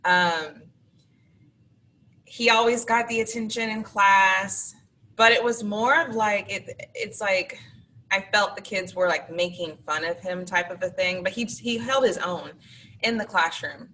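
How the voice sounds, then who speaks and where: Bright-voiced woman telling stories. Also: mid-range voice, unhurried. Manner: chatty anecdotal, acts out students. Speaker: teacher guest. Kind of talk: interview storytelling. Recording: distant mic with faint background noise.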